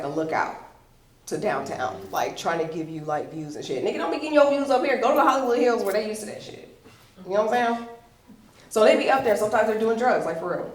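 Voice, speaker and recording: A woman doing a stand-up comedy set at a comedy show, telling stories in a brash, profane, animated way. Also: mid-range voice. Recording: roomy venue sound, mic at a distance.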